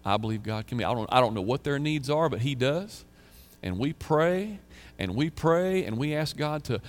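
Earnest preacher man in a reverberant hall. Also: medium pitch. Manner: earnest preaching, reading psalms aloud with emphasis; conversational asides, repeats phrases. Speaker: pastor. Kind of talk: sermon.

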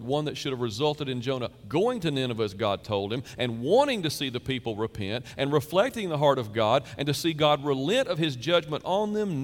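Man preaching in a reverberant hall. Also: mid-range voice. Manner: dynamic preaching, swings from loud to quiet. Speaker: pastor. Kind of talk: sermon.

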